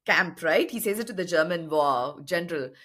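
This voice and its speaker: A woman's voice: fairly low pitch, animated, moderate pace, a bit bright. A woman co-hosting a podcast, chatting thoughtfully about a film and laughing at her own lines. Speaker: podcast co-host. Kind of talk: casual film discussion.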